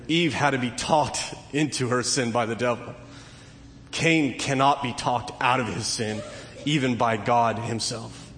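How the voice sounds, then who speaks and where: Man preaching a sermon in a reverberant hall. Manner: rises to emphatic, animated peaks then drops low. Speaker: pastor. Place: church sanctuary. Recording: long hall reverb, faint noise.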